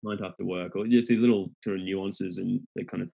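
An Australian man with a fairly low voice, chatting easily as a podcast guest. He talks in a relaxed, meandering way and often restarts his sentences. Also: brisk, gravelly, slightly rough, poor audio. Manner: relaxed and rambling, with many restarts. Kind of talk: casual chat.

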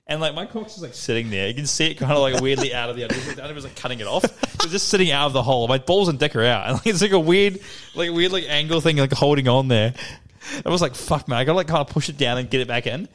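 A man's voice: medium pitch, quick pace, a bit bright. A man co-hosting a podcast, rambling through crude stories full of slang, swearing and laughter. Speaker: podcast co-host. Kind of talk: casual crude chat.

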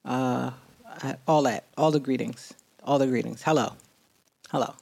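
A woman co-hosting a casual podcast chat, animated and playful, breaking into high sing-song bits. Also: a little slow, gravelly, husky. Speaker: podcast co-host.

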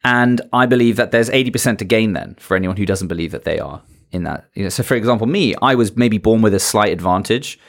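A man's voice: on the low side, quick pace, few pauses. A man as a podcast guest and public speaker, animatedly giving advice and shifting his tone and pace to make his points. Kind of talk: motivational talk in a conversation.

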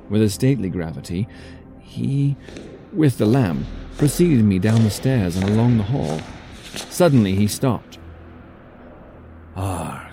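A man giving measured, dramatic first-person audiobook narration. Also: fairly low pitch, lively intonation. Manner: measured, storytelling delivery. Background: faint music.

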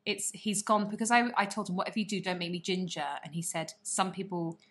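A woman's voice: medium pitch, fairly even intonation, fairly quick, fairly bright tone. A woman co-hosting a podcast, chatting casually with wry, self-deprecating humour. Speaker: podcast co-host. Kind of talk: casual chat.

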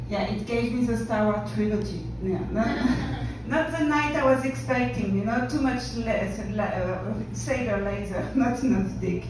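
A woman's voice: on the high side, a little slow. A young woman from France with a French accent, doing brash, self-mocking stand-up comedy in English and laughing often. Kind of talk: stand-up comedy set and workshop chat. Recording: echoey room, mic at a distance, background noise.

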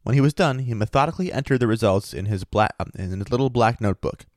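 A man reading a story aloud at a steady pace, stopping to chat about it. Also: mid-range voice, fast, dry recording, studio quality. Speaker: story reader and host.

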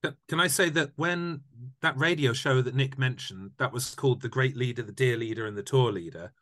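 Male guest, mid-pitched, storytelling in an animated conversational register. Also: a little fast. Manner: animated anecdotes, repeats words when restarting. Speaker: guest, tour company founder. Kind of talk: casual storytelling chat.

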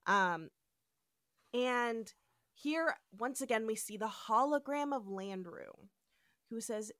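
A woman's voice: fairly high pitch, takes it slowly, dry recording, studio quality. A woman co-hosting a podcast, recapping an episode casually and acting out bits of the dialogue with swearing and enthusiasm. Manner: animated, swearing, acts out dialogue. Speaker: podcast co-host.

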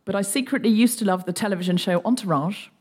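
A woman hosting a live comedy podcast on stage, joking and laughing through quick animated asides. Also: mid-range voice, noisy background. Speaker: podcast host. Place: live venue stage with audience.

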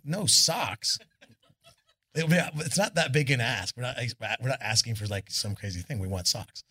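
Speaking into a stage mic at an indoor arts club, a male guest musician spins loose, profane anecdotes from the road, saying "I'm all" again and again. His voice is mid-range and a bit bright.

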